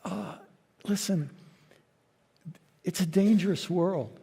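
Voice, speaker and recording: A man with a high-pitched, slow, gravelly voice, warm with a breathy edge, is a guest lecturer giving a conversational talk in a large church hall. He tells stories and acts out little dialogues, and the recording carries long hall reverb.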